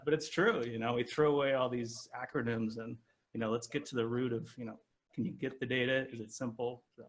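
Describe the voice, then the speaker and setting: A man's voice: mid-range voice, fairly even intonation, a little fast. Easygoing male podcast co-host. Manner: easygoing, agreeable. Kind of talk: casual conversational chat.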